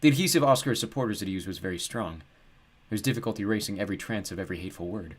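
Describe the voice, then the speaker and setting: Man reading an audiobook, lowish voice, calm and steady. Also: racing. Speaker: audiobook narrator. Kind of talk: scripted narration.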